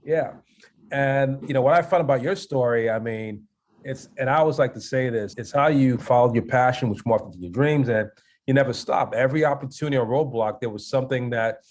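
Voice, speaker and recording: A man's voice: medium pitch, fairly quick. A man hosting a podcast interview, talking loosely with lots of fillers. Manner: warm filler-heavy praise, many "you know"s. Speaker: podcast host.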